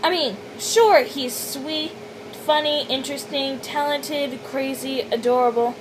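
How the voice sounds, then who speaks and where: A young woman reading her own fanfiction aloud in an animated, dramatic first-person voice. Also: sits high, a little slow, background noise. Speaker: fanfiction reader.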